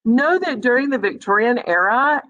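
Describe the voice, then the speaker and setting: A woman giving a conversational online music history lecture over a video call, filling pauses with ums and speaking directly to her students. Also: fairly high pitch, expressive, fairly bright tone, lo-fi sound. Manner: conversational, many ums, addresses students as friends.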